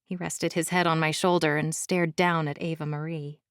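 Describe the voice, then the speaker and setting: Calm, soft-voiced woman audiobook narrator. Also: low-pitched, normal speed, clean tone, dry recording, studio quality. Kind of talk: first-person fantasy romance narration.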